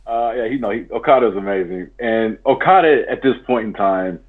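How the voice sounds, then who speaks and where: A man's voice: fairly low pitch, normal speed. A man guesting on a wrestling podcast, laid-back and casual, swearing now and then. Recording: tinny phone-like call line.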